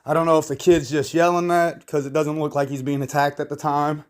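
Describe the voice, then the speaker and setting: Blunt, opinionated man, slightly high voice. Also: little pitch movement, fairly quick. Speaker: YouTube commentator. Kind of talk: casual commentary.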